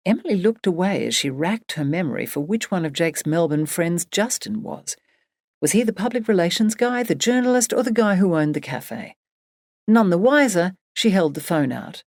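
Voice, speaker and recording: A woman narrating an audiobook in a measured, expressive reading. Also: fairly low pitch, no echo, clean studio sound. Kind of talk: scripted narration.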